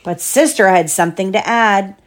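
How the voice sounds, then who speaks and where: A mother reading a picture book aloud to her young children, gentle and chatty, stopping to explain the pictures. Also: mid-range voice, moderate pace.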